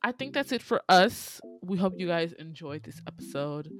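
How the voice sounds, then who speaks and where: A woman's voice: on the low side, expressive, normal speed. A woman from the United States co-hosting a podcast, chatting casually, swearing freely and laughing often. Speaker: podcast co-host. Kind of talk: casual chat.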